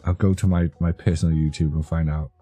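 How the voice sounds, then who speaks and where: A man's voice: extremely low pitch, steady tone, fast talker, mellow. A young man chatting casually with his live-stream audience, rambling and joking, easily amused. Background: faint background music.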